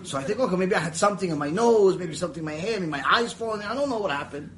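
Male Torah teacher, high voice, very lively swings in pitch, storytelling lecture, acts out voices. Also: rapid-fire, slight background noise, rough recording. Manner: animated, acts out the voices in his stories; chatty, drifts into asides.

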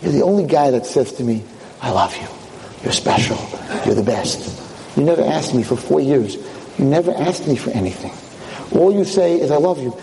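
Animated man telling a story in a hall. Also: on the high side, moderate pace, vocal fry. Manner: acts out each character with shifting voices. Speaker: rabbi giving a lecture. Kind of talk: storytelling sermon. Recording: hall reverb.

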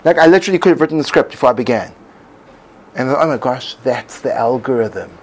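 A man's voice: mid-range voice, animated, fairly quick, rough recording. Musing man with faint background noise. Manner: musing, many restarts and fillers. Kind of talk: reflective talk.

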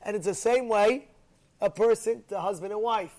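A man teaching a Torah class, talking in an animated way, repeating phrases for emphasis and acting out the people in his examples, with Hebrew and Yiddish words mixed in. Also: high-pitched, moderate pace.

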